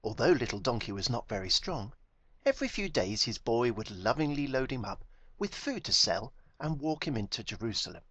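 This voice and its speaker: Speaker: man. Style: storybook narration by the author. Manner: gentle, expressive. Pitch: middle but lively. Room: dry, close mic. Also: moderate pace, no room sound. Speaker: author reading his own book.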